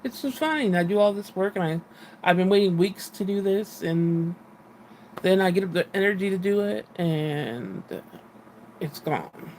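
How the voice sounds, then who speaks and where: A woman's voice: fairly low pitch, a little slow, darkish tone, slight background noise. A woman livestreaming in casual chat, frustrated and venting, swearing now and then. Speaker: livestream host.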